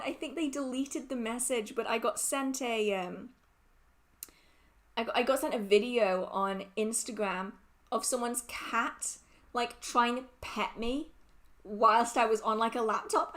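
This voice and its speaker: A woman's voice: fairly high pitch, unhurried, a bit bright. A woman hosting a casual livestream Q&A, reading out viewer questions and answering them in a giggly, rambling, emotional way.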